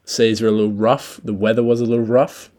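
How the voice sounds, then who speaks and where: A young Australian man hosting a solo podcast, telling stories in a crude, swearing, laid-back ramble on a low-quality home recording. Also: level tone, brisk, darkish tone. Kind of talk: casual rambling chat.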